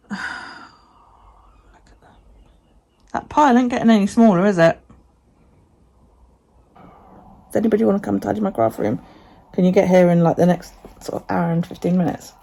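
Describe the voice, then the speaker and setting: A woman chatting casually in a home vlog, swearing freely and talking to her dog. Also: mid-range voice. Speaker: vlogger.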